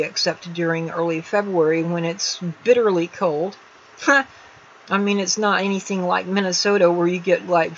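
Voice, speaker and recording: A woman's voice: on the low side, a little hiss or hum. A woman hosting a casual livestream from a room at home, rambling along with many fillers and restarts. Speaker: livestream host. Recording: slightly dull lo-fi home stream audio.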